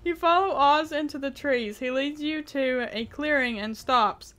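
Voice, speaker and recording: A woman's voice: sits high, unhurried, fairly bright tone. A woman gaming YouTuber reading a text adventure aloud and reacting with frequent laughter, swearing and exclamations of disbelief.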